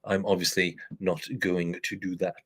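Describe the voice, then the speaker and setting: A man's voice: low-pitched, little pitch movement, normal speed, a bit bright, breathy edge. A man hosting a live beer review stream, rambling and self-deprecating with plenty of swearing. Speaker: beer review channel host. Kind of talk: casual live-stream chat.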